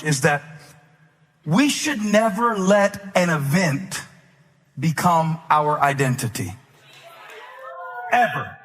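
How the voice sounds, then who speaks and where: A man preaching a sermon in a large church, speaking with passion and rising to shouts. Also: on the high side, slightly rough. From South Carolina, USA. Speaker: pastor. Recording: long hall reverb.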